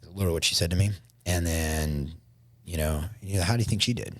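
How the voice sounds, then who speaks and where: A man, a podcast guest, shaken and emotional, telling his story haltingly with many restarts. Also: sits low, a bit bright, no echo.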